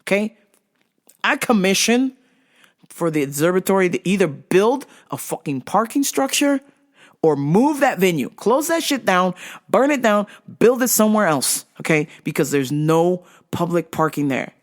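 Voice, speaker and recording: A woman's voice: on the low side, animated, normal speed. A woman hosting a talk show, ranting in a profane, emphatic, comic way and laughing through her stories. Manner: foul-mouthed, emphatic, repeats "okay?". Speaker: show host. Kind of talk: profane comedic rant.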